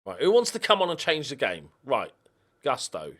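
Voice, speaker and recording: A young man talks his way through a football management game. His pitch moves a lot as he coaxes and scolds his squad. It is casual commentary at a normal middle pitch. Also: measured pace, gravelly, husky. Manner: animated, talks to the players on screen, yelps in frustration. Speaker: gaming YouTuber. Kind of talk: casual let's-play commentary.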